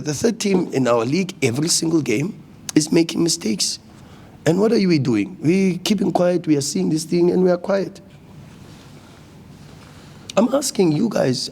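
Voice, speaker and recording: A man's voice: on the high side, vocal fry, a little mellow, slightly rough. A man, a football coach speaking at a post-match press conference, passionate and repeating words when agitated. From South Africa.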